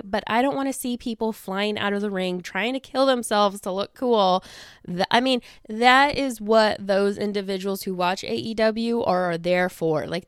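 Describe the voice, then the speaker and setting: Breathless chatty woman podcaster, smooth voice. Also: medium pitch, no room sound, clean studio sound. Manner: chatty, rambling, with many fillers and restarts. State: a little out of breath. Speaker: podcast host. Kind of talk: casual chat. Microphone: studio microphone close to the face.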